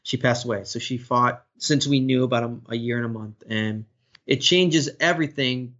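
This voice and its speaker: A man's voice: mid-range voice, a bit bright. Earnest man telling a hard story. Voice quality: earnest, storytelling with many restarts. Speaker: sports broadcaster, guest. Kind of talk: podcast interview. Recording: dull lo-fi audio.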